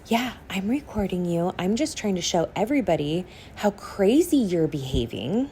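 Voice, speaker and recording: A woman's voice: fairly low pitch, very animated, moderate pace, dark tone, a little hiss or hum. A woman mimicking a creepy sing-song older mother. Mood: taunting. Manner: sing-songy, taunting.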